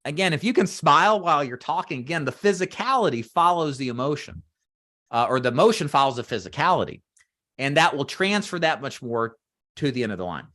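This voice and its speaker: Animated man coaching sales agents. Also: a little fast. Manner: emphatic and animated, acts out sample phone pitches. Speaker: sales trainer. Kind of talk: training talk to agents. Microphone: webcam or desk mic on camera.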